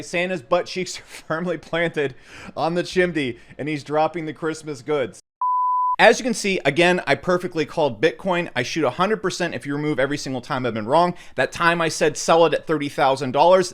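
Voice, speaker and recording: A brash young man rants in a sarcastic, mocking way, his voice sitting a little high for a man. He lurches from sudden loud outbursts into quick mutters. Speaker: crypto YouTuber. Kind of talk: sarcastic rant to camera.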